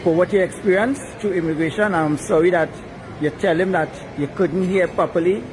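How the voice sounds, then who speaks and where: A man's voice: high voice, steady tone, normal speed. A man with a Trinidadian accent interviewing a visitor outdoors, asking brief questions and apologizing. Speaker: street interviewer. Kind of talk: sympathetic street interview. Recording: outdoor crowd and traffic noise. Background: crowd and vehicles.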